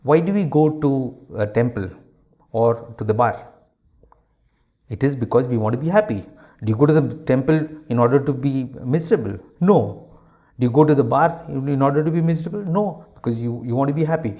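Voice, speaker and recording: Mellow-voiced monk giving a spiritual talk. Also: male voice, medium pitch, a little fast. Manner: rhetorical questions answered with a firm no; hesitant fillers and restarts.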